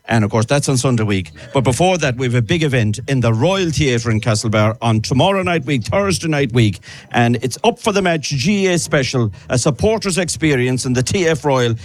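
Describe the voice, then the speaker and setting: A man's voice: mid-range voice, lively intonation, brisk. A man with an Irish accent presenting a live radio outside broadcast from an outdoor event, chatty and upbeat, repeating names and phrases as he goes.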